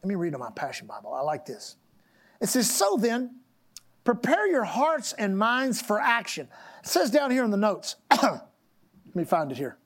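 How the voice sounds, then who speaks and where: A woman preaching a sermon, reading scripture slowly and with emphasis and calling on the congregation to repeat phrases after her. She clears her throat and coughs now and then. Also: mid-range voice, huge pitch swings.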